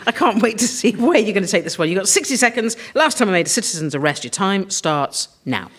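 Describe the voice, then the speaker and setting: A woman's voice: medium pitch, very animated, fast talker, fairly bright tone, husky. Playful woman hosting a panel game. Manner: teasing, playful chairing. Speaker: host. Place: radio studio before an audience.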